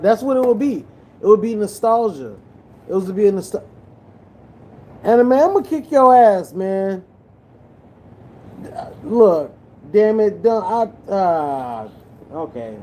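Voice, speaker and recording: A man's voice: a little high, mellow, slight background noise, low-quality recording. Young male vlogger, rambling and profane, talks casually while he edits. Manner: loose, profane, rambling storytelling with restarts. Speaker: movie vlogger.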